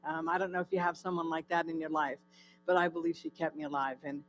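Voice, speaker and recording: A woman's voice: deep voice, level tone, quick pace, fairly bright tone, soft background music, poor audio. A woman from California giving a personal testimony to a church audience, telling her story with many fillers and asking the audience questions. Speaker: guest speaker. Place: church hall.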